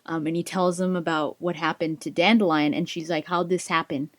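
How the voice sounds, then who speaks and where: Enthusiastic woman gaming host with a low voice, casually retelling a fantasy story; dry recording. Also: little pitch movement, brisk, no room sound. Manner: chatty, giggly, enthusiastic.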